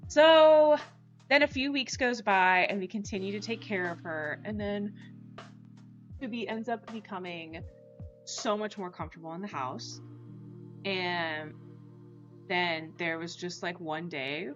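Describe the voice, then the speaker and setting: Bright-voiced chatty woman streamer. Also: lowish voice, measured pace, long pauses. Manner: chatty, rambling, many "like" fillers; talks to her dog and chat viewers. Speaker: livestream host. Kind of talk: casual livestream chat. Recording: slightly muffled stream audio, faint music.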